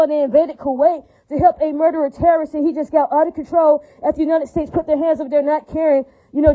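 A woman's voice: sits high, mellow, rough recording. A woman giving an angry, profane monologue rant, heated and preachy, with lots of repetition.

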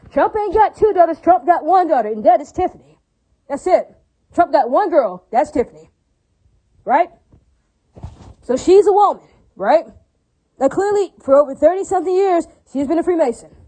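Woman ranting, very high pitched with a soft, dark timbre, profane and repetitive, full of rhetorical tags. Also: rough recording. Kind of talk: ranting monologue.

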